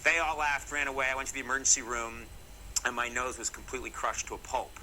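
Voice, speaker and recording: A Massachusetts-born comedy host in middle age delivers stories to camera, mock-serious and jokey, with wry asides. His mid-range voice is pushed and bright, fairly even in intonation and quick, on a rough recording with slight background noise.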